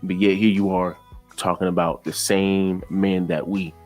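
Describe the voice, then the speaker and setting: A man's voice: deep voice, level tone, unhurried, darkish tone, soft background music. A man reacting to a clip, lecturing in an exasperated tone and repeating his points. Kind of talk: reaction commentary.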